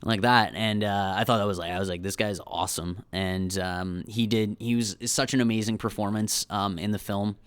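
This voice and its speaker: A man's voice: fairly low pitch, steady tone, moderate pace, few pauses, clear, resonant tone, no echo. Rambling young Canadian man telling stories. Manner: rambling storyteller, many fillers and restarts. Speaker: guest, filmmaker. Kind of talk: casual podcast chat.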